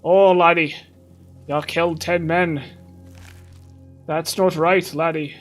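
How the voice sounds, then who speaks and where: Man doing a put-on Irish accent, gruff thief boss, scolding, pitched high, loud, faint music behind. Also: steady tone, slow pace. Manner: scolding, repeating laddie.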